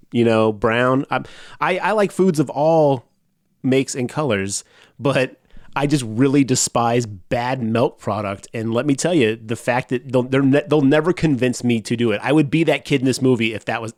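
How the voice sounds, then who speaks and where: Male podcast co-host, jokey and animated, mid-range voice, recorded dry and close. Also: medium pitch, moderate pace, no room sound. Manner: animated, jokey, breaks into laughter. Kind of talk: casual chat.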